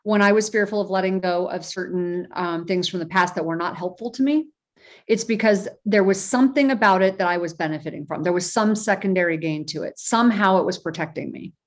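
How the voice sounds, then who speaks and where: A woman's voice: on the low side, brisk. A woman author as an interview guest, talking earnestly and reflectively, with many fillers and restarts. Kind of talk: casual interview talk.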